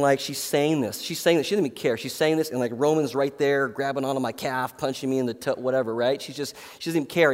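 A man's voice: medium pitch, long reverb tail. A middle-aged man preaching a sermon as a pastor, telling stories in a loose, rambling way full of fillers. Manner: casual, rambling storytelling with many fillers.

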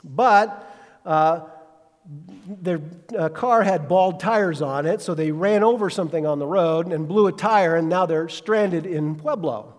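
Speaking a little slowly in a high-leaning voice, a male pastor delivers a sermon with a long reverb tail behind him. He brings stories to life, acts out quotations, and asks listeners pointed questions.

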